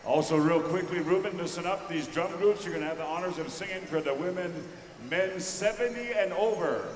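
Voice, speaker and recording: A man working as pow wow announcer, briskly giving instructions to drum groups and judges over a microphone in a large indoor arena. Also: sits high. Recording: echoey arena PA from far off.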